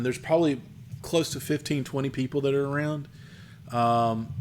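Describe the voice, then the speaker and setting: A man narrating a tabletop game as game master, describing the scene with frequent pauses and ums. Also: mid-range voice, a little hiss or hum. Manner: descriptive, hesitant with many ums.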